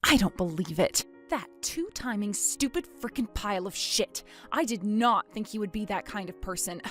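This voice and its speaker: A woman's voice: medium pitch, moderate pace, soft background music. Indignant woman narrating a drama story. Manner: indignant, expressive.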